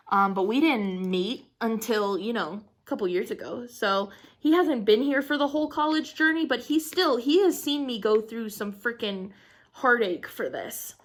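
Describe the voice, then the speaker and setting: A woman in her twenties with a fairly high, a bit bright voice gushes excitedly in casual chat for her crafting vlog. She's emphatic, laughs frequently and throws in the occasional swear.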